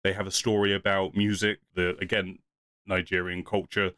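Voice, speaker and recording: A man's voice: sits low, little pitch movement, normal speed, fairly bright tone, no echo, studio quality. A young man co-hosting a podcast, chatting casually and rambling, laughing often and acting out quotes. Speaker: podcast co-host. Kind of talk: casual review chat.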